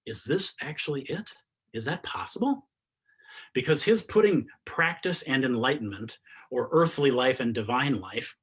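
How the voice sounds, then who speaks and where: A man gives a spiritual talk over a video call, his voice a little husky and his pitch sitting in the middle. He talks earnestly and with animation, pressing his questions higher and letting his phrases fall quiet at their ends. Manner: earnest, animated, rising to emphatic questions and dropping to soft endings. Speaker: meditation teacher.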